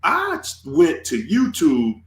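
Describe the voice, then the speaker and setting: A man hosting his channel in casual chat, animated and swearing freely, acting out quoted tirades. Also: on the high side, takes it slowly, echoey room. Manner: animated, swears, acts out quoted rants loudly. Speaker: channel host.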